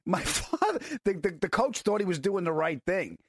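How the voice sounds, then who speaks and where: A man hosting a relaxed conversation, quick to agree and jump in with his own stories. His voice sits a bit high. The sound is dry and close, with no room echo. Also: husky. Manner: eager, agreeable, chimes in often. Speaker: host. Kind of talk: casual chat.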